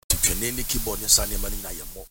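A man's voice: on the low side, fast talker. A man with a Ghanaian accent leading prayer in a sermon, exhorting the congregation and mixing English with Twi. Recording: loud music behind the voice.

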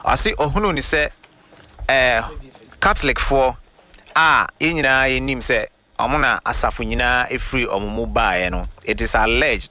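Ghanaian male preacher, crisp bright tone, deliberate reader of quotes. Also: mid-range voice. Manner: reads quotations slowly and deliberately, then explains. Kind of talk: sermon teaching with quoted readings.

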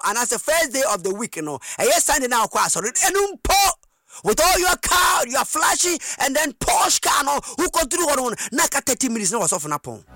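A man preaching a sermon, passionate, rising from plain speech into shouted and sing-song phrases. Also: very high-pitched, no echo. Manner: impassioned, switching between shouting and sing-song cadence.

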